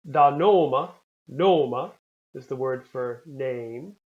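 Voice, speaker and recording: Man teaching slow pronunciation drills. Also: medium pitch, phone-quality sound. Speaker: language teacher. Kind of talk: recorded language lesson.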